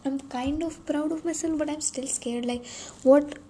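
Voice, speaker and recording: Rambling young woman podcaster, soft dark tone. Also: sits high, steady tone, a little slow, poor audio. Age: young adult. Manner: rambling, self-deprecating, with frequent restarts. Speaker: podcast host. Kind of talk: rambling solo podcast monologue. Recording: faint background noise.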